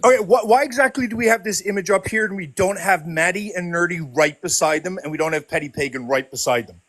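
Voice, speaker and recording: A man ranting furiously in an online voice chat, swearing constantly and shouting about people he says lied about him. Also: high-pitched, quick pace, no room sound. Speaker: regular on a debate stream.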